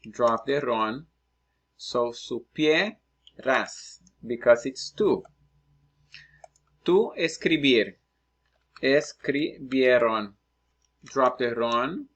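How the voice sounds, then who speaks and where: A man teaching Spanish, working through practice exercises out loud and thinking aloud as he writes. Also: mid-range voice. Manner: slow, patient, thinking aloud while writing. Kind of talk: screen-recorded lesson, working through exercises.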